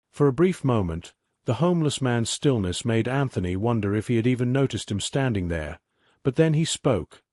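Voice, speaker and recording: Dry, steady male story narrator. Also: medium pitch, no room sound.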